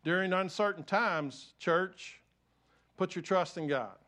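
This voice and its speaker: Older male pastor, high voice, sermon, storytelling, dropping to soft hushed lines then loud again. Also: slow pace. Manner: storytelling, self-deprecating humor, swings from loud to soft.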